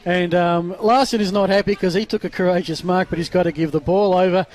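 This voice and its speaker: A man calling play-by-play at a local football match, excitable and quick to ramp up. His voice is notably high for a man. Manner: excitable play-by-play, builds to shouting. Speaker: lead football commentator. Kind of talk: live sports commentary.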